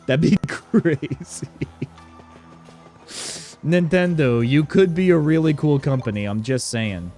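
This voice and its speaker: A man's voice: mid-range voice, darkish tone. A man streaming a game, giving chatty, jokey commentary full of fillers. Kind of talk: casual let's-play commentary.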